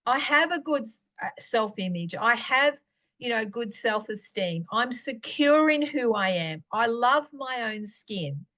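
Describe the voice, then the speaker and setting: A middle-aged woman, sharing a faith testimony in a chatty, animated storytelling way. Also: on the high side, unhurried. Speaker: podcast host.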